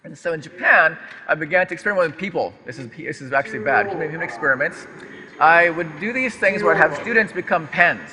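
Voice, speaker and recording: A man's voice: fairly high pitch, animated, fast, crowd noise. A man giving a stage talk to a live audience, chatty and self-deprecating, with lots of fillers and restarts. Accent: American. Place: large lecture hall. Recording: long hall reverb.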